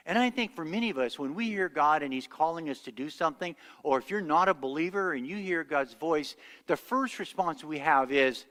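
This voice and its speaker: A man's voice: a little high, expressive, brisk, fairly bright tone, big-room sound. A male pastor preaching a sermon, telling stories and acting out the voices he quotes. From United States. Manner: storytelling, acts out quoted voices. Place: church sanctuary.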